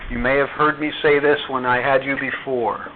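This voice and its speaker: A man's voice: mid-range voice, level tone, background noise. A man teaching a chemistry class, quizzing his students as he goes. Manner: quizzing students, slow and deliberate. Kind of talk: classroom lecture with questions to students. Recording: tinny phone-like classroom recording.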